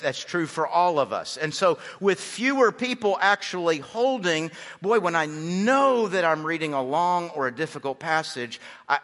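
Pastor preaching in an echoing sanctuary. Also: male voice, on the high side, bright, forceful tone. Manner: conversational, repeats words when starting sentences. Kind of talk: sermon. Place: large church sanctuary. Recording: hall reverb.

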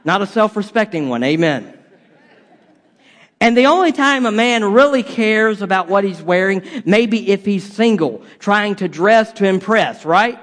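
A man preaching a humorous sermon as pastor, animated and swinging between loud punchlines and quiet dramatic drops. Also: sits high, measured pace.

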